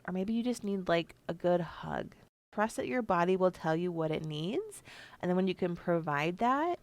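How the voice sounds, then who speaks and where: A woman's voice: lowish voice, no room sound. Candid, swearing woman podcast host. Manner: candid, swears casually, laughs often. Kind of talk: solo podcast monologue.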